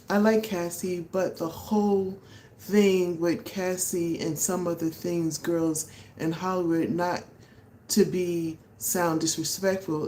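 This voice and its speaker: A woman's voice: on the low side, warm tone. Rambling woman in an echoey room. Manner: rambling, conversational, many fillers and restarts. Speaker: vlog host. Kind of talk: casual live-stream commentary. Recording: echoey room, faint background noise.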